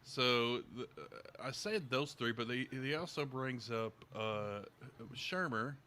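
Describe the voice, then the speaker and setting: A man hosting a casual podcast chat, talking in a profane, sarcastic and animated way. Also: mid-range voice, takes it slowly, heavy background noise. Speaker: podcast host.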